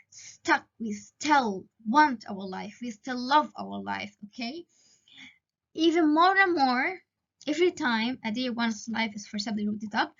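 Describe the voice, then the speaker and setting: Slow, patient woman teaching a poem. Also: on the high side, a bit bright. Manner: slow and patient, often asks "okay?" and says "um". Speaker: teacher presenting a poem analysis. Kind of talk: recorded lesson, explaining a poem. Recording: dull lo-fi sound.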